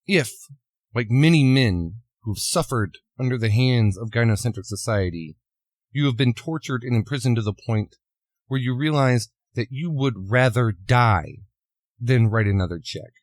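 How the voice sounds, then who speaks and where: A man's voice: mid-range voice, expressive, normal speed, no room sound, studio quality. A man giving an opinion monologue, retelling a film scene in a preachy, sarcastic way. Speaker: commentator.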